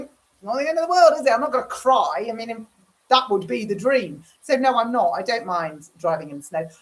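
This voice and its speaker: Chatty middle-aged woman. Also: on the high side. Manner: chatty, frank, reads comments aloud. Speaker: livestream host. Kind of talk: casual chat, answering viewer comments. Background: cooking dinner while talking.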